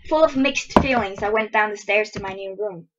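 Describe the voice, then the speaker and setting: A woman's voice: mid-range voice, moderate pace, muffled recording. A woman reading her own story aloud in first person, casual and stumbling over words now and then, recorded on a handheld voice recorder. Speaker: amateur story reader.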